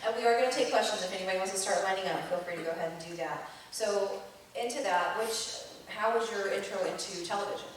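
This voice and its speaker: A woman's voice: medium pitch, quick pace, a little hiss or hum. A woman moderating a convention panel, asking chatty, friendly questions. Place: large indoor convention hall. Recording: echoey convention hall from far off.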